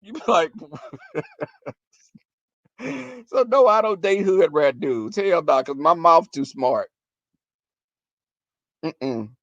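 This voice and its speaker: A man telling crude stories in a casual rant to his viewers, profane and animated, acting out quarrels in a shrill voice. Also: slow pace, gravelly, long pauses, dry recording, lo-fi sound.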